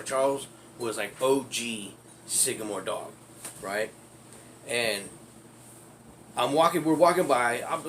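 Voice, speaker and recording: A man's voice: mid-range voice, fairly bright tone, a little hiss or hum. Rambling, profane man telling a story. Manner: rambling, profane, laughs often. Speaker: vlog host telling a personal story. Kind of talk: casual storytelling.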